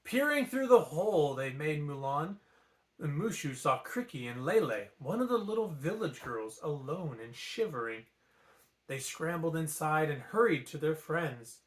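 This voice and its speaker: Animated man reading a bedtime story. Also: on the high side, a little slow. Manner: playful and animated, with asides. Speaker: storybook reader. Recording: echoey room.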